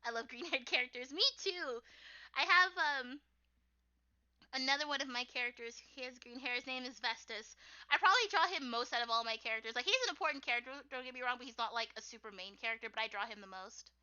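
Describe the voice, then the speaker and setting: A young woman with a squeaky voice chatting casually on a livestream while she draws, rambling with lots of "like" and frequent laughter. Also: fast, bright, forceful tone, smooth, muffled recording. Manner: rambling, full of "like", laughs often. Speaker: artist streaming her drawing work.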